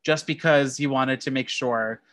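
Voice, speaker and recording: A podcast co-host with a bright, forward voice, chatting through movie trivia on a dry, close mic. They ramble and stop to correct themselves mid-sentence. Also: mid-range voice, unhurried, no echo. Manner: rambling, self-correcting delivery. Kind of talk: casual movie-trivia chat.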